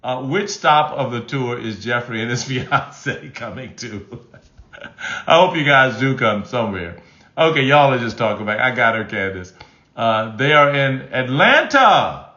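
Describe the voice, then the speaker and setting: On a live stream, a male relationship coach teaches while reading chat comments, his animated pitch swooping up and down at a slightly slow pace. He repeats key phrases to press his points and frequently restarts sentences. The room is echoey and a bit dull.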